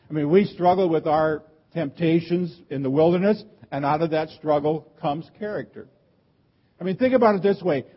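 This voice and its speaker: Male pastor, husky, slightly high voice, emphatic sermon delivery, dull lo-fi recording. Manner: earnest, emphatic preaching with repeated rhetorical questions.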